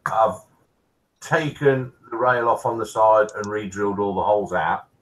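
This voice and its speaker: A man on a casual live stream, explaining his model building in halting, rambling talk. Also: on the low side, low-quality recording. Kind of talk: casual chat.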